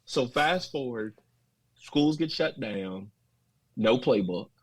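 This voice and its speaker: Husky Southern man telling stories. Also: medium pitch, slow pace, no room sound, low-quality recording. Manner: folksy, animated, quotes others in lively voices. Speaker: podcast guest, school administrator. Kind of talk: casual interview storytelling.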